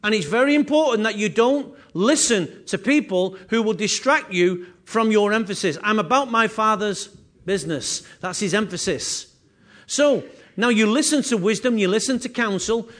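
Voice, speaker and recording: A man's voice: sits high, animated, moderate pace, a bit bright. A man preaching a sermon as pastor, earnest, circling back on his words and restarting phrases.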